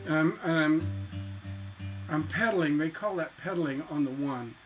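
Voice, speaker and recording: A man teaching songwriting in a relaxed, chatty way, playing guitar and humming bits of melody as he explains. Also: on the high side, moderate pace. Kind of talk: casual music lesson with guitar. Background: acoustic guitar.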